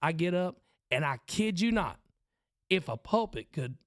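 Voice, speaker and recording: A man's voice: a little high, very animated, a little slow, dry recording, studio quality. A man in his forties with a Southern accent, a podcast host and preacher telling a self-mocking story in casual chat. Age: 40s.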